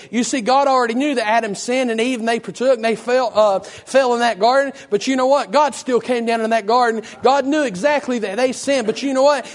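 A man preaching a fervent sermon with a hoarse, worn voice, praying with a repeated "Lord" and building to shouts. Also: extremely high pitch. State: hoarse, losing his voice.

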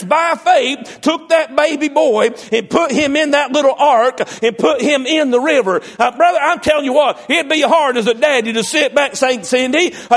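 A male preacher with a strikingly high voice. He reads scripture, then explains it in a folksy, fervent way, with lots of "uh" as he goes. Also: fairly bright tone. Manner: folksy, fervent, many "uh" fillers. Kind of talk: sermon.

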